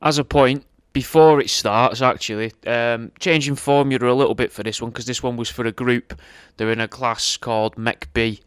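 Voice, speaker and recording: A man's voice: medium pitch, fairly even intonation, moderate pace, a bit bright, clear, resonant tone, dry recording, clean studio sound. A man hosting a podcast, chatting in a crude, offhand way. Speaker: podcast host. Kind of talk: casual podcast chat.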